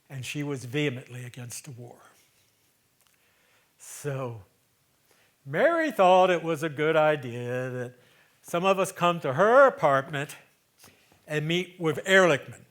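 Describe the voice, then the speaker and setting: With a fairly high voice, a man in his seventies takes his time through a staged storytelling monologue, leaving long pauses. His tone stays conversational as he alternates between booming emphasis and whispered asides.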